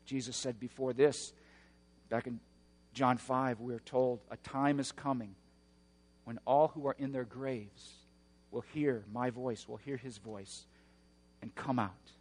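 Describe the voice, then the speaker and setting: A man preaching a sermon, moving between hushed, slow passages and loud, roaring emphasis. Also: medium pitch, steady tone, in a large hall. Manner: dynamic preaching, swings from hushed to shouting. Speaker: pastor.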